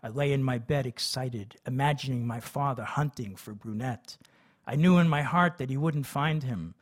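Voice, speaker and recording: A man's voice: medium pitch, normal speed. A man reading his memoir aloud, who breaks off into chatty, hesitant asides. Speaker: memoir narrator.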